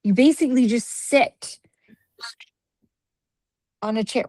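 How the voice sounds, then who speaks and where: A woman co-hosting a podcast in casual chat, telling stories with lively energy and plenty of swearing. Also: on the high side, normal speed, no echo. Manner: animated storyteller, swears freely. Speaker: podcast co-host.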